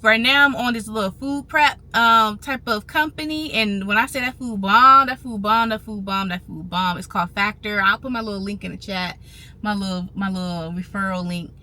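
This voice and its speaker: A woman vlogging casually to her viewers, animated and chatty, repeating phrases for emphasis. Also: fairly high pitch. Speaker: vlogger on trading and finance. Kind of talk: casual talk to camera.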